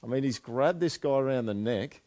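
A man's voice: mid-range voice, fairly quick. Chatty preacher man. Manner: chatty, asks the listeners questions, drops to quiet asides. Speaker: pastor. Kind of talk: conversational sermon.

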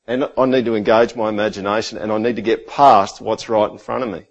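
A middle-aged man preaching a sermon in a conversational way, full of rhetorical questions, sometimes dropping to a quiet, intense tone. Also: lowish voice, fairly even intonation, brisk, vocal fry, dull audio. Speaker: pastor.

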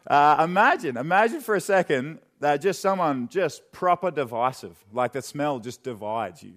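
A young man preaching a sermon in a church, chatty and joking, then dropping into quiet, earnest questions. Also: mid-range voice, animated, normal speed. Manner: conversational and joking, with sudden drops to quiet earnestness. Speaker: pastor. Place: church hall.

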